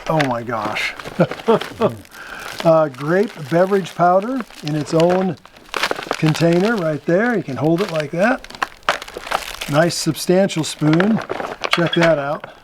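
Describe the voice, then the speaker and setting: A man's voice: on the high side, animated, takes it slowly, pauses often. A man hosting a casual vlog, chatting and chuckling as he shows things and thinks aloud. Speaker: vlog host reviewing military rations. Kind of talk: casual show-and-tell commentary. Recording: noisy home video recording.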